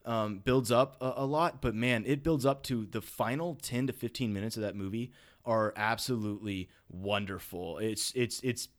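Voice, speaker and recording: A man's voice: fairly low pitch, normal speed. A man co-hosting a podcast in casual chat, rambling and enthusiastic, full of restarts and fillers. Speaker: podcast co-host.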